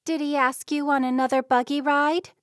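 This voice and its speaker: An insecure, lovesick young woman from a storybook, voiced by a female narrator. Her lines come out soft and halting, a little higher than the narration, in a close, dry sound. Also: steady tone, dry recording, natural voice. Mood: hopeful.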